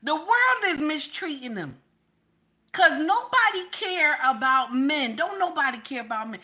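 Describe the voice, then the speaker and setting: A woman's voice: high voice, big pitch swings, unhurried, bright, forceful tone. A middle-aged woman giving casual, emphatic reaction commentary, repeating her points in a preachy way.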